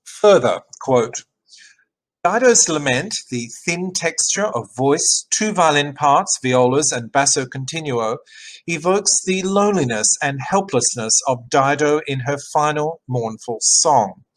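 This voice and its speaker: A man reading a written music analysis aloud in an even, measured way, as a teacher. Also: a little high, rough recording. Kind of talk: read-aloud academic narration.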